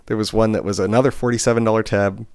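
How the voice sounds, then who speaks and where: Low-voiced man telling animated stories. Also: quick pace, no room sound, studio quality. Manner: animated storytelling, acting out quoted voices. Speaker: podcast co-host; bartender. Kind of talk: casual chat.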